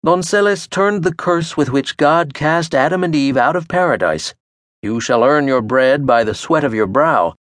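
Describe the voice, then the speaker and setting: A man narrating an audiobook in the first person with a wry, measured storytelling manner. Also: medium pitch, a bit bright, no room sound. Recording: dry studio audio.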